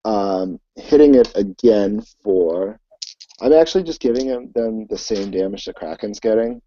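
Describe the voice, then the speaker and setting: A man narrating as game master for a tabletop game, talking in a halting way with many ums and restarts. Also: lowish voice, animated, dark tone, muffled recording.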